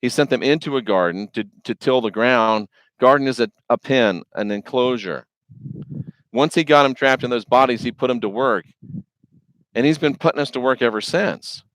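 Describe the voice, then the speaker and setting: A man's voice: mid-range voice, moderate pace, a bit bright, dry recording. A man hosting a religious video, preaching in an informal, folksy and emphatic monologue. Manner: folksy, slangy, conversational; emphatic, repetitive.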